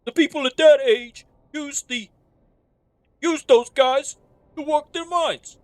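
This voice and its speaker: A woman's voice: high-pitched, takes it slowly, no echo, voice pushed up. Woman doing a wise-guy innkeeper. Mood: courtly. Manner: put-on New Jersey wise-guy accent; formal, old-fashioned speech. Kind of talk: voicing game dialogue on a stream.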